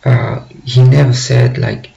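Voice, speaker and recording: Very gravelly, slow-talking man. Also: mid-range voice, level tone, warm tone. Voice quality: clears throat often. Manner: halting, pauses mid-sentence. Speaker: video host. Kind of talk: casual personal storytelling. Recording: dull lo-fi recording.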